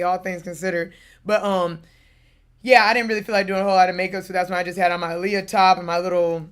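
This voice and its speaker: A young woman streaming live, telling a long rambling story in casual chat, full of fillers and lively asides. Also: mid-range voice.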